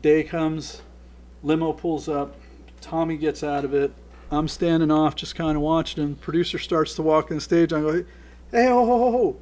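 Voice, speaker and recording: A middle-aged man, a production guest, telling behind-the-scenes stories in a casual, animated way and laughing as he goes. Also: fairly high pitch, normal speed. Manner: animated, laughs through his stories and acts out quoted lines. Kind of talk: casual anecdotal storytelling.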